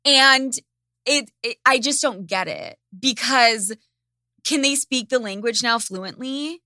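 A woman's voice: a little high, takes it slowly, bright, forceful tone, no room sound, studio quality. A woman hosting a casual chat, ranting sarcastically and swearing freely. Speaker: podcast host.

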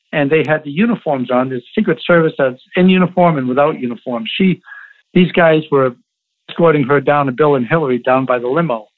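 A man, a guest in an interview, telling stories emphatically and repeating himself. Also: fairly high pitch. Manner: emphatic, repetitive storytelling. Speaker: interview guest, former Navy SEAL. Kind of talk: interview over the phone. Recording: tinny phone line.

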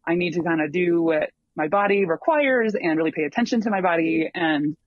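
Talking a little fast, a man with a fairly high voice recounts his long hike as a guest in a casual interview. His storytelling rambles, full of ums and restarted sentences. The recording is dull and lo-fi, close, dry and echo-free.

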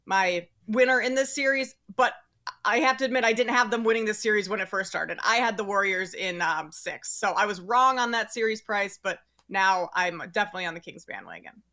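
A woman's voice: medium pitch, fairly quick, pushed and bright. A woman giving sports betting picks in casual chat, confident and joking about herself. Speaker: sports betting guest analyst.

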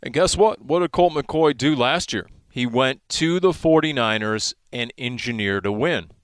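Animated sports reporter man, dry studio. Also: medium pitch, a little slow, smooth, no room sound. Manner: animated storytelling, voice jumps up in excitement. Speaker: sideline reporter. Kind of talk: sports radio chat.

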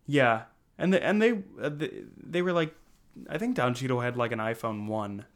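A woman's voice: extremely low pitch, moderate pace. A young woman co-hosting a casual podcast, loose and rambling, swearing offhandedly. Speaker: podcast co-host. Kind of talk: casual chat.

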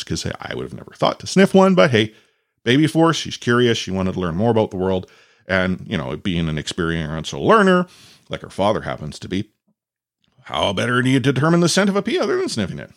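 A man's voice: fairly low pitch, fairly quick, vocal fry. A man in his thirties, a father and podcast host, telling a rambling story in a casual monologue, with restarts and quotes acted out. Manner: rambling, animated, acts out quotes with many restarts.

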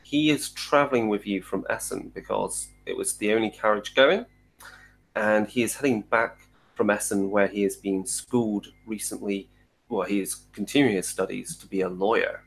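Lowish-voiced man narrating a tabletop game. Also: moderate pace, gravelly, low-quality recording. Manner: hesitant, many fillers and restarts. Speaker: game master.

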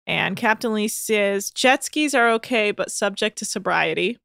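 Bright-voiced woman podcast co-host. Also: medium pitch, normal speed, creaky, no echo, clean studio sound. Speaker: podcast co-host recapping a reality show. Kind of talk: casual recap chat.

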